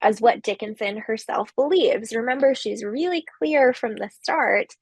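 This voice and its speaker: A woman giving a recorded literature lecture, explaining slowly with occasional fillers. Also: on the high side, slightly rough, no room sound.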